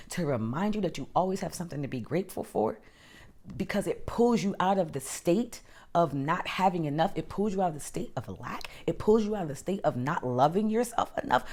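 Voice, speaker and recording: A woman with a deep, low voice hosts a motivational self-help talk. She is emphatic and encouraging, calling the listener honey and girl. Her delivery swings between loud, punchy emphasis and soft, almost whispered asides. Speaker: podcast host.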